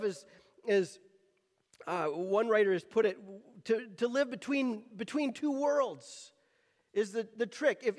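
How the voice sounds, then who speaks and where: A man preaching a sermon as pastor, who drops the g at word ends and often repeats words while he finds his phrasing. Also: extremely high pitch. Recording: reverberant hall.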